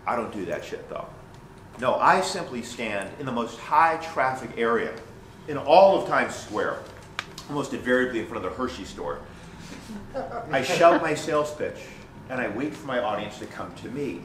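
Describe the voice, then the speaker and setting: Guy doing a one-man comedy story on stage, really lively up-and-down voice, roomy sound from a ways off. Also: mid-range voice, moderate pace, a little hiss or hum. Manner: animated, self-mocking, repeats phrases. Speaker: solo stage performer. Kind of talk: stand-up storytelling monologue.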